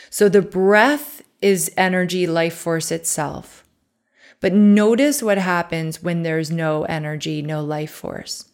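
A woman podcast host and coach leading a guided breathing meditation, talking softly and calmly and counting breaths aloud. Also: lowish voice. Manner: slow, soft and calm, counting breaths aloud.

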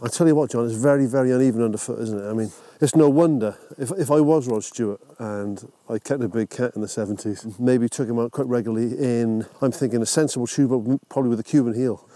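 Fast, rambling, mellow-voiced man. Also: mid-range voice, dry recording. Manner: rambling, whimsical. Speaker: comedy documentary co-presenter. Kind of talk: comic banter.

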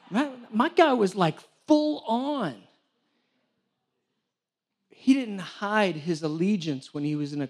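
A man preaching a sermon to a live church audience, animated storytelling with self-deprecating humor. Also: high-pitched.

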